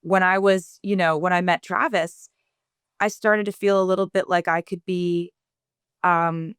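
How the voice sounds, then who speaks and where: A woman's voice: lowish voice, steady tone, a little slow, a bit bright, clear, resonant tone, dry recording, clean studio sound. A woman songwriter in a casual interview over a video call, thinking aloud and searching for her words as she explains her writing. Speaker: singer-songwriter guest.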